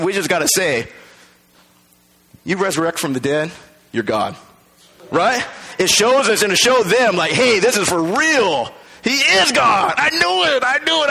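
A man pastor preaching an Easter sermon in a conversational way, acting out quoted voices and rising to excited shouts. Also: sits high.

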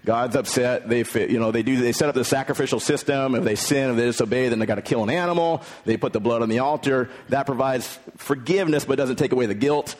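A man's voice: mid-range voice, fast talker, few pauses, a little mellow. Male pastor, mid-range voice, easygoing sermon delivery that retells scripture plainly. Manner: conversational preaching, paraphrasing scripture in everyday words.

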